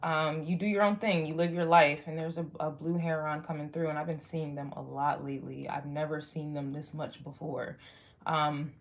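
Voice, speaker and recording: A young woman giving a casual spoken astrology reading to viewers, rambling and frank, swearing freely and filling pauses with "like" and "um". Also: low-pitched, flat delivery, gravelly. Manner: rambling, frank and profane, lots of fillers. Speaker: tarot and astrology reader.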